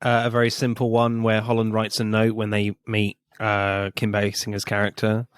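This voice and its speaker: A man's voice: lowish voice, completely flat delivery, normal speed, clean tone, no echo, clean studio sound. A man co-hosting a film podcast in casual chat, laughing as he quotes favorite lines from a film. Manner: amused, laughs while quoting favorite lines. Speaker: podcast co-host.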